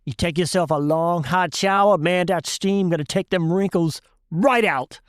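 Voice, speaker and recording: A man's voice: high voice, moderate pace, dry recording, studio quality, lightly acted. A man voicing a salt-of-the-earth Cajun shrimper who gives folksy, confident instructions in a Cajun accent.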